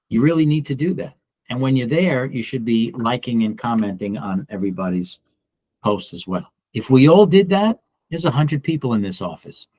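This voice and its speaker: A middle-aged man, a real estate broker giving a casual office training talk in a blunt, animated way and acting out the people he quotes. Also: medium pitch, normal speed, dry recording.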